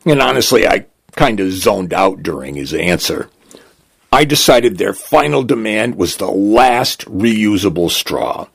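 A man narrating a comic first-person story in a wry, deadpan way. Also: fairly low pitch, a little slow, vocal fry, breathy edge.

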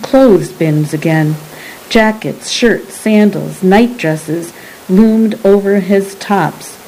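A woman reading a story aloud as narrator, in a measured, deliberate way. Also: medium pitch, mellow, slight background noise, low-quality recording. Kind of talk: scripted audiobook narration.

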